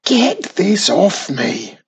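A man voicing a speedy, excitable young girl witch who squeals shrilly in a storybook reading. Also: high voice, slow pace, slightly rough, voice pushed up, heavily acted. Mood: upset.

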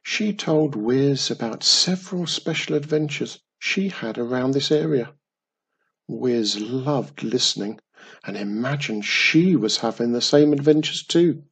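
A man narrating a children's story in a gentle, expressive way. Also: medium pitch, unhurried, husky.

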